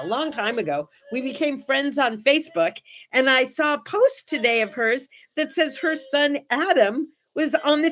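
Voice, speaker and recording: A woman in her seventies hosting a casual morning show, animated and bubbly, chatting to her viewers and her toys. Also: sits high. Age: 70s. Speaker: host.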